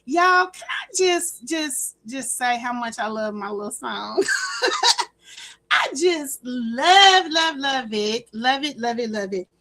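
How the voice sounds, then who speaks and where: A woman runs a casual livestream from her home setup. Her voice sits high and bright above most women's. She chats easily, doubles up her words and welcomes each viewer by name. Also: lively intonation, slow. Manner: chatty, repeats words, greets chat by name. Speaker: livestream host.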